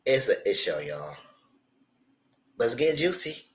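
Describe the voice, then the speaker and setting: A young man hosting a casual live TV recap, animated and slipping into the voices of the people he quotes. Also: medium pitch, normal speed, roomy sound, low-quality recording. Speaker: YouTube TV recap host.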